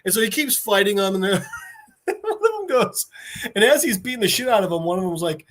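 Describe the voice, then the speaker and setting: A man on a podcast telling an episode scene by scene, his pitch swinging up and down as he slips into voices for each character. He talks casually, swears freely and breaks into laughter. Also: a little fast. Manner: animated storytelling with put-on character voices. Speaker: podcast host.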